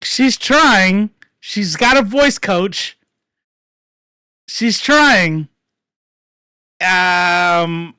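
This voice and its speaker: A livestream commentator giving casual political commentary, profane and rambling, swinging between loud outbursts and mumbled asides. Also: mid-range voice, expressive, extremely slow, pauses often, clean tone, no echo, clean studio sound.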